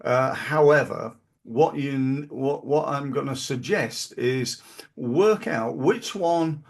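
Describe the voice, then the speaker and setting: A man's voice: mid-range voice, takes it slowly, gravelly. A middle-aged man hosting a podcast, talking through business advice in a rambling, casual way with many fillers and restarts. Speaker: podcast host.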